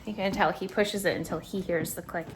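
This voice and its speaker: A woman's voice: lowish voice, steady tone, brisk, noisy background. A woman talking casually in a video diary, chatty and rambling, often restarting her sentences and talking to her dog. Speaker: vlogger.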